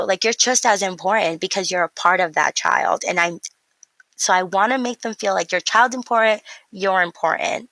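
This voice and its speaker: A woman's voice: mid-range voice, moderate pace, no room sound, rough recording. A young woman, an early childhood educator, telling stories casually in an interview and acting out the voices of people she quotes. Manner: animated storyteller, acts out quotes.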